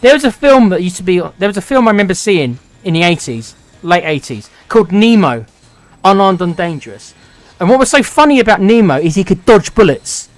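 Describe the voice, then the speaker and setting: A man's voice: high voice, big pitch swings, fairly quick, no room sound. A man in his forties commenting on his own strategy game play, sarcastic and grumbling at the game. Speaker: gaming channel host.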